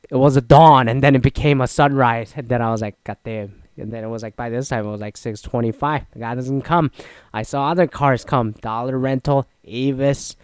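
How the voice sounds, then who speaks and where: A man's voice: medium pitch, a little mellow, clear, resonant tone, dry recording. A man casually telling a travel mishap story, swearing often and acting out what other people said. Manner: profane, exasperated, acts out other people's lines.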